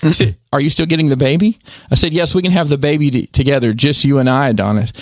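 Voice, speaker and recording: A man's voice: mid-range voice, fast talker, dry recording, clean studio sound. A man co-hosting a podcast, telling a story in casual chat and acting out both sides of a conversation in quoted voices. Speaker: podcast co-host.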